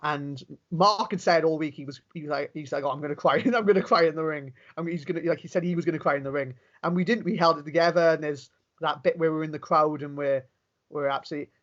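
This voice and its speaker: A Welsh man, a professional wrestler, telling stories in a casual interview, animated and quick with many restarts. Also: on the high side, dull audio. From Wales.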